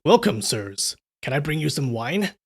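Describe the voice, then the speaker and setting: A man's voice: on the high side, sing-song, measured pace, husky, heavily acted. A man playing a humble old innkeeper. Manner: polite, humble. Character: gentle gray-haired old male innkeeper.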